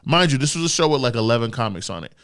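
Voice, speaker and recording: A man, a guest comedian, telling a story on a podcast in a loud, animated way full of profane slang. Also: mid-range voice, racing, clear, resonant tone.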